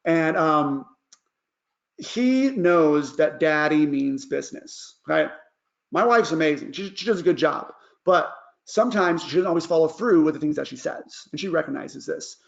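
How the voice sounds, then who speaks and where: A man's voice: a little high, expressive, normal speed, gravelly, muffled recording. A man who works as a life coach gives a casual parenting advice lesson and keeps checking in with "all right?".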